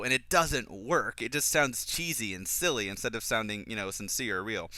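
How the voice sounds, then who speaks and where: A man giving casual fan commentary on a film, opinionated and quick to get exasperated. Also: medium pitch, sharp tone, no room sound. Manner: opinionated, flares into exasperated ranting.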